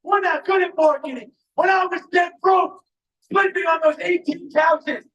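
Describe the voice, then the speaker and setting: Man, high voice, fired-up live keynote, mic at a distance. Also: steady tone, normal speed, muffled recording. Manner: emphatic, often shouting to the crowd. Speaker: motivational speaker. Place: large live event venue.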